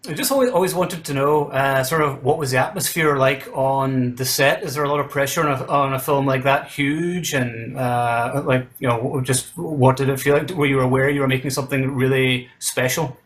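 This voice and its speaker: A man's voice: mid-range voice, fairly even intonation, normal speed, few pauses, fairly bright tone. A man interviewing a guest, asking loose, hesitant questions full of fillers. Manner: hesitant, many fillers, laughs easily.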